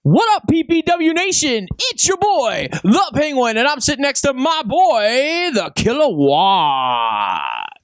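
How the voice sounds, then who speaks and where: A man's voice: extremely high pitch, huge pitch swings, takes it slowly, few pauses, smooth, dry recording, clean studio sound. A man co-hosting a casual wrestling podcast, playful and joking, who keeps slipping into a put-on accent. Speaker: podcast co-host. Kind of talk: casual chat.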